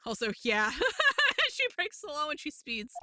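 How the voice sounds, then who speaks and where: A woman's voice: high-pitched, huge pitch swings, measured pace, pushed and bright, no room sound, clean studio sound. A woman streamer giving playful commentary while playing a game and reading its text aloud.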